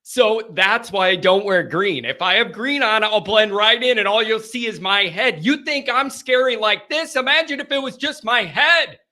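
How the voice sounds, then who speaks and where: A man hosting a live call-in show, chatting casually in an energetic, rambling, joking way from a green-screen set. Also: sits high, normal speed, few pauses.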